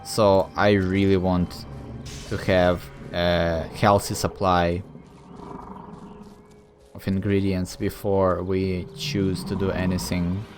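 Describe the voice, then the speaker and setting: Over music, a man comments casually on a video game he's playing, rambling and thinking aloud with many fillers. He speaks slowly in a low, level voice.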